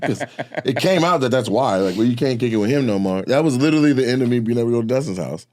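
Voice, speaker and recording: Teasing male podcast host, lively pitch. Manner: quick, teasing reactions and laughter. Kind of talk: casual podcast chat.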